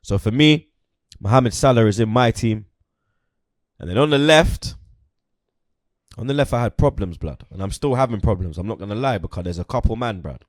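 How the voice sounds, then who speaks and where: A young man talks football in a relaxed, slangy way, dropping "you get me" and "blood" into nearly every sentence. His voice sits fairly low, and the sound is close and dry with almost no room. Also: normal speed, long pauses, dry recording. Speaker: host. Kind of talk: casual football chat.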